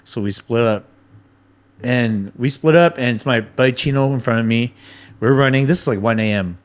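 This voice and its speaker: A man at an ordinary, mid-range pitch tells stories in a loose podcast chat. He is animated and swears freely, and he slips into the voices of the people in his stories as he goes. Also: moderate pace. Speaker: podcast guest. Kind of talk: casual storytelling chat.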